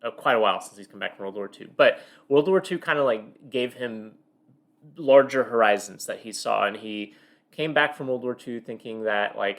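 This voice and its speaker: A man's voice: mid-range voice, normal speed, a bit bright. A man co-hosting a book podcast in a casual chat, talking in long loose sentences full of fillers and restarts. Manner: rambling, many fillers and restarts. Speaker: podcast co-host.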